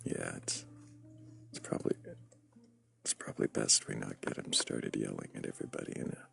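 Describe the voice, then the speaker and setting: A man speaking quietly and hesitantly in a casual live stream chat. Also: rumbling low, fairly even intonation, normal speed, vocal fry.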